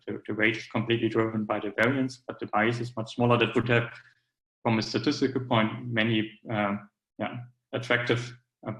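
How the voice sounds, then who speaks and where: A man's voice: lowish voice, fairly bright tone, echoey room, low-quality recording. A man giving a technical conference talk, hesitant with frequent fillers and restarts. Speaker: academic speaker.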